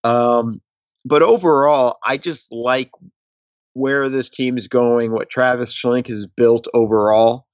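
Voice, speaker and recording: A man co-hosting a casual sports podcast, speaking in a relaxed, hesitant way. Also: mid-range voice, no echo, lo-fi sound. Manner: relaxed, hesitant, drawn-out phrasing. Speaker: podcast co-host.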